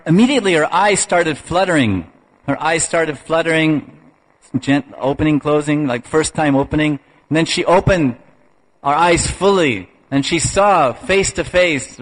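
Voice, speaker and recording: A man telling devotional stories in a lecture, unhurried and halting, with restarts and soft laughs. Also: on the high side, rough recording. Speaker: spiritual lecturer.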